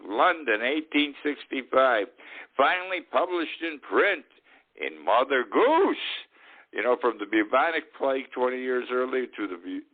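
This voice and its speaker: An older man hosting a radio talk show, musing in a rambling, conversational way, repeating phrases and restarting sentences with emphasis. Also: deep voice. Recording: narrow phone-like radio sound.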